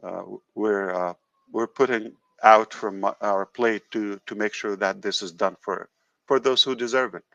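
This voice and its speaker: A man talks casually on a live call in a lowish voice, stopping and starting with lots of fillers. The audio is dry and slightly dull, with no room sound. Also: steady tone, a bit bright, dry recording. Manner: halting, many fillers and restarts. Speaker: company founder hosting a live call.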